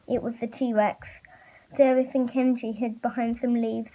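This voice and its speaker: A woman reading a fan story aloud, halting and stumbling with fillers. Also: a little high, level tone. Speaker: reader. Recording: muffled lo-fi recording.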